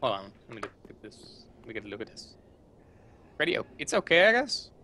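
Male gaming host, teasing co-op banter, lively voice, faint noise bed. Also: medium pitch, fairly quick. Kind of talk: casual co-op gaming chat.

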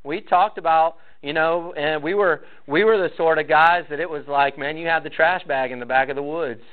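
A man's voice: a little high, normal speed. A man leading a church parenting class, talking casually to parents and telling stories with acted-out quotes. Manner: conversational, storytelling, acts out quotes. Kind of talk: casual teaching talk to parents. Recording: tinny phone-like sound.

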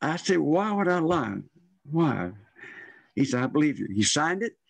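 A man's voice: on the high side, very animated, a little slow, gravelly, no room sound. An older man telling a long personal story in a rambling way, acting out the voices of the people in it. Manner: rambling, acts out quoted voices. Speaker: storyteller guest. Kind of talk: casual storytelling.

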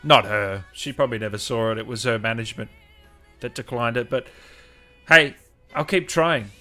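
A man's voice: mid-range voice, moderate pace, pushed and bright, soft background music. A man hosting a livestream, upbeat and chatty, thanking viewers by name. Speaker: host. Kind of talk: livestream chat.

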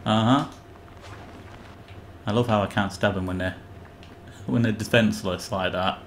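A man's voice: lowish voice, fairly even intonation, a little slow, a little hiss or hum. A young man commentating his own game live, sarcastic and swearing, yelping when startled. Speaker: gamer playing live.

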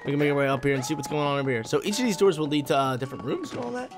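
A young man, a little hoarse, giving laid-back, slangy gameplay commentary with excitable bursts. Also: on the high side, very fast, music in the background.

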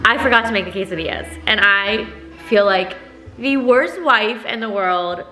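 A woman in her thirties, a mom vlogger, chats casually to her phone camera at home, speaking with feeling and laughing often. Her voice is medium-pitched, moderately paced, pushed and bright, with faint music in the background.

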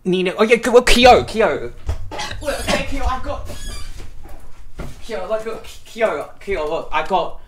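An overwhelmed streamer reacting live, close to tears. The voice sits at a middling pitch and keeps stammering and repeating words. The talk is excitable and full of swearing. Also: a little slow, long pauses, very noisy.

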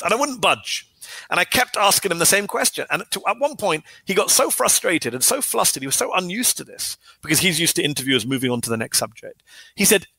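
A man speaking as an author and guest in a podcast interview, talking fast and emphatically with an argumentative drive. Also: sits high, very animated, sharp tone, dry recording.

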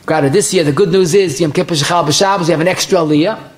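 A rabbi in the middle of a halacha class talks. He moves quickly from one source to the next, stumbling and restarting as he goes. His speech is full of Hebrew and Yiddish terms. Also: a little high. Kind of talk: Torah lecture.

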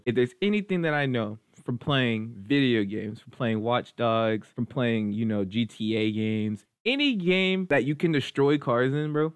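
A young man casually telling a funny story, animated and slangy, saying bro a lot. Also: mid-range voice, dry recording, studio quality.

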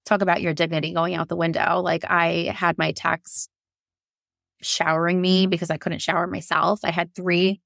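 A woman's voice: lowish voice, little pitch movement, moderate pace, vocal fry, fairly bright tone, no echo, clean studio sound. A woman guest frankly telling a painful personal story, emotional and laughing through hard moments. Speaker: guest sharing her birth story.

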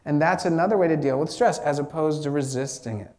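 A man, a doctor giving a mindfulness lecture to a live student audience, chatty and animated, acting out inner thoughts with lots of fillers. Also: fairly high pitch, fast talker.

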